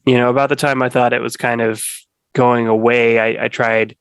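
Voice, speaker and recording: A man's voice: medium pitch, level tone, moderate pace, smooth, no room sound. A man speaking as a podcast guest in casual conversation, rambling with many restarts and fillers.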